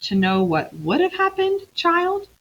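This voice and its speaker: A woman reading aloud and voicing a great wise male lion, speaking slowly, quietly and gravely. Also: very high-pitched, sing-song, lo-fi sound, a little hiss or hum, voice pushed up, exaggerated voice. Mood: gentle, grave.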